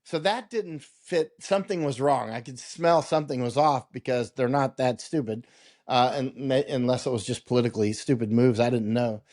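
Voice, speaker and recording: A man's voice: mid-range voice, normal speed, darkish tone. A male war correspondent talking casually as an interview guest over a video call, rambling with restarts, quoting himself and laughing often. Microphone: remote video call.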